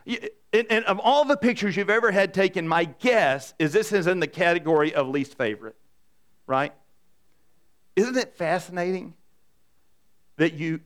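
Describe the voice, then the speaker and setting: Man, pastor, conversational sermon, slightly high voice, lively questions to the congregation. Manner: conversational, animated, asks the room questions. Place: church in front of a congregation.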